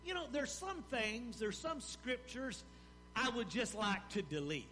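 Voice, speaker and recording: Pastor guy preaching, animated, high bright voice. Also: a little hiss or hum. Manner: animated preaching with pauses and rises. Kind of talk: sermon.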